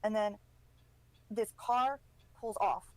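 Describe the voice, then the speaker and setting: A woman hosting a true-crime commentary, talking in a speculative, conversational and often hushed way. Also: mid-range voice, steady tone, slow pace, dry recording, low-quality recording. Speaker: host.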